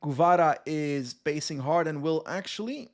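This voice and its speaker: At normal speed and a fairly high pitch, a young man from West Flanders, Belgium, talks through a cycling game for his stream. His Flemish accent reflects his first language, West Flemish Dutch, and he chats easily, reading viewers' comments aloud and answering them.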